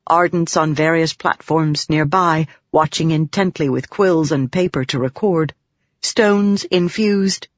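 A narrator reading fantasy fiction in a steady, measured way. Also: mid-range voice, dry recording. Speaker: audiobook narrator. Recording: dull dry studio audiobook.

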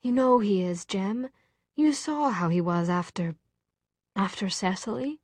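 A woman's voice: medium pitch, a little slow, darkish tone, no echo, close to an everyday voice. A woman reading as an anxious young woman, urgent and pleading.

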